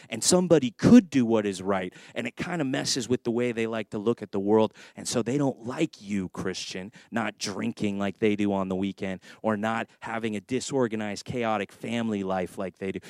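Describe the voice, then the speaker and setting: Lively preaching pastor, dry close sound. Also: male voice, on the low side, no room sound. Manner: conversational preaching with lively acted asides. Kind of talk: sermon.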